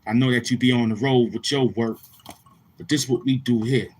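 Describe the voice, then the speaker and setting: A man's voice: mid-range voice, steady tone, normal speed, darkish tone, slightly rough. A man with a Brooklyn accent hosting a casual stream, chatting in slang and rapping bars. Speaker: YouTube host. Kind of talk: live-stream freestyle and chat.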